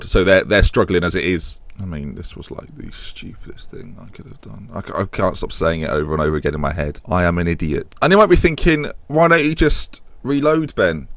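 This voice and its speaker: A young British man talks through a management game in a low voice, close to the mic in a dry room. He rambles casually and mocks his own choices. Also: no room sound. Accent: British English. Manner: self-mocking, chatty, puts on silly high voices for imagined characters. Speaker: gaming YouTuber.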